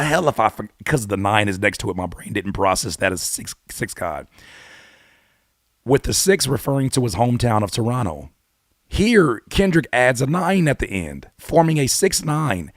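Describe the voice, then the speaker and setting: On a casual live stream, a YouTube host reacts to a song, his pitch leaping around as he swings from loud, excitable exclamations to muttering. He mixes read-aloud notes with slangy commentary, and the sound is dry and close with no room echo.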